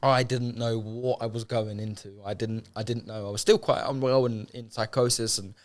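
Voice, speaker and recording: A man's voice: fairly low pitch, fairly even intonation, normal speed. A man telling his life story candidly as an interview guest, swearing freely and acting out what others said. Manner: swears freely, frequent restarts, acts out quoted speech.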